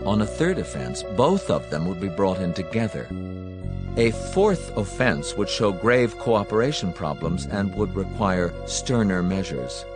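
A man's voice: low voice, big pitch swings, a little slow, music in the background. A man narrating an audiobook in a dramatic, tense manner.

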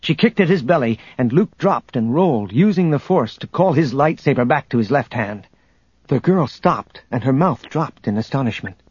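Man, audiobook narrator, husky voice, dry close sound, dull lo-fi. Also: mid-range voice, expressive, normal speed, darkish tone, no room sound. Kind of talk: scripted narration.

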